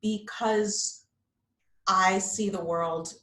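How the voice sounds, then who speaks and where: A woman's voice: mid-range voice, steady tone, very slow, a bit bright. A woman in her fifties, a yoga instructor, chatting candidly as a guest in an interview and often saying "like" and "you know.". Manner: candid, chatty, frequent likes and you-knows. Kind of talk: casual interview chat. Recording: roomy echo.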